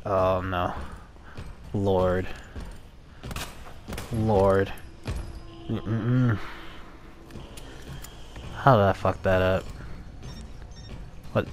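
Low-voiced profane gamer man. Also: slight background noise. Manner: profane, panicky outbursts and muttering. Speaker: gamer playing a horror game. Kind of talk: let's play commentary.

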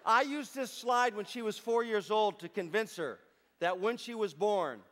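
A man doing stand-up comedy, telling stories on stage to a live audience in a playful, chatty way with deadpan asides. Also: high voice, moderate pace, slight background noise.

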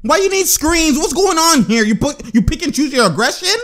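Young dude w a high voice hyped up breaking down hoops clips, slangy, laughs a lot. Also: male voice, fairly quick. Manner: excitable, slangy, laughs often. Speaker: basketball YouTuber reacting to game footage. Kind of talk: casual reaction commentary and film breakdown.

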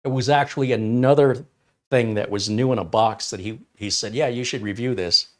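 On his tech live stream, a man talks at normal speed with a medium-pitched voice. He is a chatty host who tells an anecdote, storytelling casually and laughing often.

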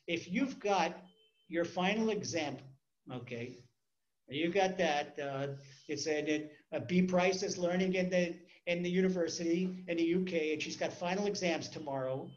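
Conversational rabbi, muffled recording. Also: male voice, sits high. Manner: conversational, repeats words, acts out stories. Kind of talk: Torah class.

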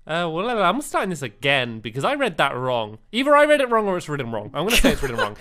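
A woman's voice: low-pitched, wildly swooping pitch, fast, hardly any pauses, a bit bright. A woman hosting a casual gaming session, giggling often and rambling with fillers as she reads out rules. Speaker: host.

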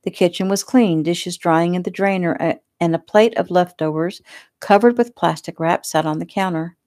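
A woman author reading her own novel aloud in a relaxed, homey way. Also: lowish voice, normal speed, dry recording, clean studio sound. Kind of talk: casual audiobook narration.

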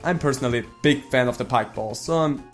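A young man hosting a let's play, rambling casually with quick asides about the game. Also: medium pitch, soft background music. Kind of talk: casual gameplay commentary.

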